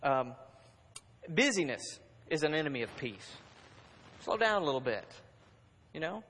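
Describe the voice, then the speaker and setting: A man preaching a sermon to a congregation, animated and exhorting, swinging between loud urging and hushed asides. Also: on the high side, measured pace, long reverb tail. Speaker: pastor.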